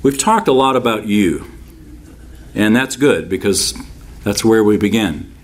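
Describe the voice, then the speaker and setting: A man's voice: on the low side, animated, measured pace. A man preaching a sermon as a pastor, stressing key phrases by repeating them and telling folksy personal stories with asides.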